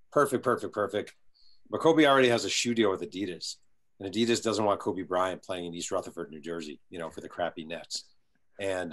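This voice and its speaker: A guest author in an interview tells a long, energetic anecdote, acting out the people in it. His voice is low-pitched and a bit bright.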